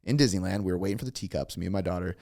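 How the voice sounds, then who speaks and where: Fast-talking gravelly man. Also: low voice. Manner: fast, swearing, animated storytelling. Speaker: fitness coach, guest. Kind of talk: casual podcast conversation.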